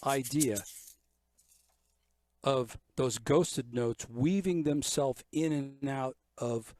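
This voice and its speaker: A man's voice: mid-range voice, slow pace, a little mellow, no room sound. An older man giving a drum lesson, explaining ideas step by step and counting beats aloud. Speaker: drum teacher. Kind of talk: drum clinic instruction. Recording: music from the drum kit in the background.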